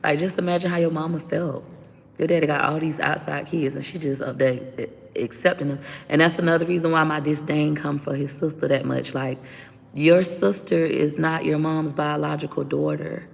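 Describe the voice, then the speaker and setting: A woman's voice: low-pitched, steady tone, normal speed, vocal fry, big-room sound. A woman around forty telling a candid personal story as a vlogger, blunt, profane and unfiltered.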